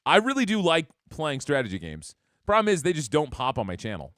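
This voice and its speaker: A man's voice: a little high, wildly swooping pitch, a little fast, a bit bright, dry recording, studio quality. A young man streaming a game live, chatting upbeat and casually with his viewers while he plays. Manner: upbeat, chatty, talks to chat. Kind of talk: live gameplay commentary.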